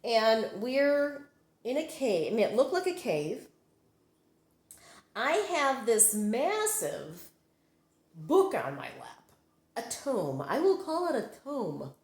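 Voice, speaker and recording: A woman's voice: fairly high pitch, big pitch swings, takes it slowly, pauses often, darkish tone, echoey room. A woman telling personal stories in a meandering way, full of fillers and self-corrections, recording on a phone she holds. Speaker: psychic medium vlogger. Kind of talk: rambling personal storytelling. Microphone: holding her phone.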